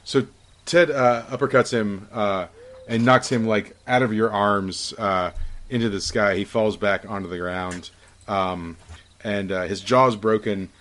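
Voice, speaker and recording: A man narrates a tabletop game as game master, and his voice sits on the lower side. He hesitates often and fills the gaps with "um" and "uh" while he describes the action. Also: steady tone, fairly bright tone. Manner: halting, filler-heavy narration.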